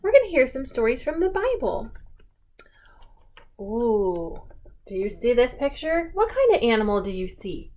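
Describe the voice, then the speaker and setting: A woman reads picture-book stories aloud to a small child, her voice high and swooping. She talks slowly and coaxingly, stopping often to ask the child questions. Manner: sing-song, animated, slow and coaxing, asks the child questions. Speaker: children's storyteller.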